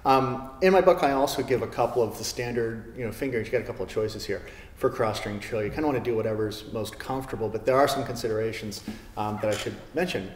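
A man giving a relaxed classical guitar lesson, with many fillers as he talks. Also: medium pitch, slight background noise. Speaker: guitar teacher. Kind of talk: video lesson. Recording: roomy studio with long reverb. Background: classical guitar playing.

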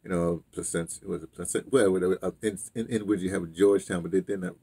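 A man with a very low voice tells a loose, wandering story. His voice is gravelly and husky. He digresses often and circles back to his point. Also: steady tone, quick pace, mellow. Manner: loose, digressive, heavy on fillers and restarts. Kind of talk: casual rambling storytelling.

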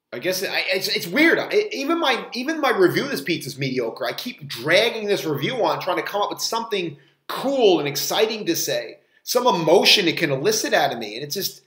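Guy in his 40s, kinda high voice, rambles and trips over his words, roomy echoey sound. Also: fairly bright tone. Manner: rambling, halting, restarts often. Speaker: frozen pizza reviewer. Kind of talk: casual review vlog. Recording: roomy echo.

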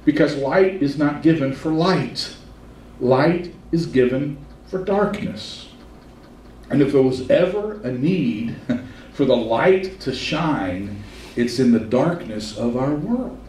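Pastor preaching in a roomy church. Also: male voice, medium pitch, expressive, a little mellow, a little hiss or hum. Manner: folksy storytelling, slows for emphasis. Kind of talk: sermon. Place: church sanctuary. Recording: roomy church sound from a distance.

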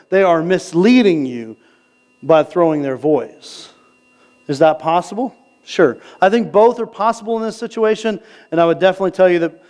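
High-voiced man preaching a sermon. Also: a little mellow. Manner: conversational preaching, asks the crowd "right?"; reads scripture slowly. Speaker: pastor. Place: church sanctuary.

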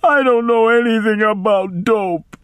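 A man's voice: unhurried, fairly bright tone, no room sound. Man doing a wailing, terrified old maid. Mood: pleading, terrified. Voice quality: high, strained, falsetto-like. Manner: wailing, blubbering pleas. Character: terrified old woman hotel maid, pleading.

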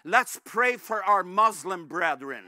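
A male pastor preaching a fervent sermon, repeatedly addressing the congregation as brethren and rising to shouts at the peaks. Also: sits high, lively intonation, slow. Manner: rises to shouts at climaxes.

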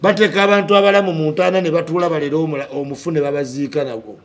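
A man chatting on a talk show, animated and storytelling, mixing English words into his speech. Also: a little high, racing. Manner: animated storyteller, mixes English into Luganda, often asks "okitegeera?". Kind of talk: casual political chat.

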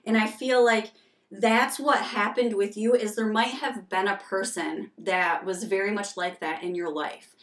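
A woman's voice: mid-range voice, steady tone, unhurried, roomy sound, distant mic. Frank, rambling woman reading tarot. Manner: rambling, frank and conversational with many fillers. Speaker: tarot reader. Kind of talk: casual tarot reading with personal stories.

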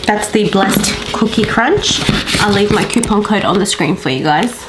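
A woman's voice: mid-range voice, expressive, unhurried, poor audio. A woman chatting casually to her viewers while cooking in a home kitchen, rambling with friendly asides. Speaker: vlogger. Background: music.

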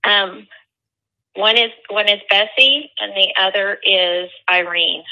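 A woman's voice: mid-range voice, fairly even intonation, slow pace, bright, forceful tone. Woman, radio caller, short polite answers, muffled phone line. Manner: brief polite replies. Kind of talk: call-in radio conversation.

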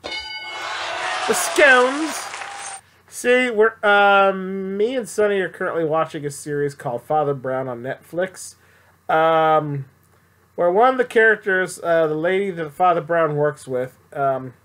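A man's voice: a little high, expressive, unhurried, a bit bright. A young man chatting playfully and rambling as he plays a game show video game. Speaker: gameplay commentator. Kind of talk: casual gameplay commentary.

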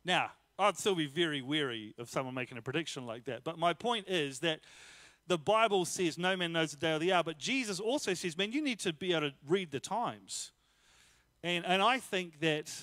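Bright-voiced, high-pitched male pastor. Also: no echo. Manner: lively storyteller, casual and joking. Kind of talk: conversational sermon with personal stories.

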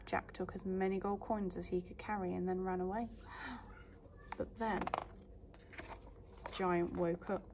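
A teacher reading a fairy tale aloud to young children in an animated, sing-song way. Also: female voice, mid-range voice, a little hiss or hum.

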